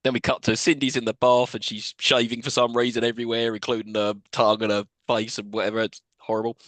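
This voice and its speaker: A man's voice: medium pitch, little pitch movement, fast, a bit bright, dry recording. A man co-hosting a podcast, casually recapping a movie scene by scene, laughing often and swearing freely. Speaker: podcast co-host. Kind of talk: casual film recap chat.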